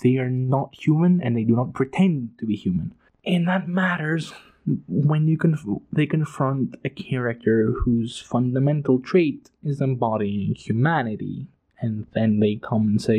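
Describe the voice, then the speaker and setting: A man's voice: mid-range voice, unhurried, mellow. A man giving an emphatic, profane, passionate casual analysis of a book. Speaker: book commentator.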